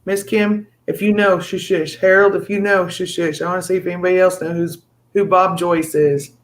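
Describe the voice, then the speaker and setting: A man hosting a live stream in casual chat, excitable and rambling, often restarting his sentences. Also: high voice, a little fast.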